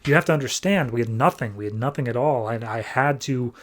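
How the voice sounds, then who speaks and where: A desperate middle-aged mother who pleads and begs, put on by a man in a casual retelling. Her voice sits a little higher than his normal speech but stays close to it. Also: a little fast, a bit bright, close to an everyday voice. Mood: pleading.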